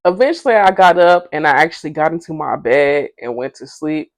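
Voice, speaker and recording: A woman's voice: low-pitched, animated, a little fast, dry recording. A young woman casually telling a party story, slangy and profane, acting out what friends said in her own voice.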